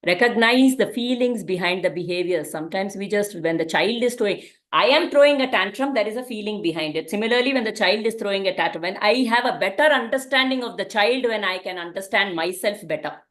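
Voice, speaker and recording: A woman's voice: mid-range voice, expressive, fairly quick, fairly bright tone. Woman teaching a parenting class. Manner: conversational, asks the listeners rhetorical questions.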